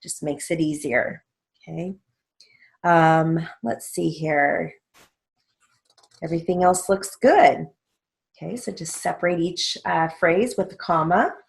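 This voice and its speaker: A woman's voice: fairly low pitch, gravelly. A woman teaching a steno theory lesson, patiently spelling out words letter by letter and checking in with "okay?". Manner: slow, patient, letter-by-letter dictation with frequent "okay?" check-ins.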